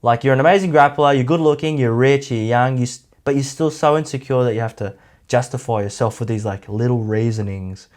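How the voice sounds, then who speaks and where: This Australian YouTube commentator has a mid-range, darkish voice and talks a little fast. He rambles casually, saying "like" constantly and adding mocking asides.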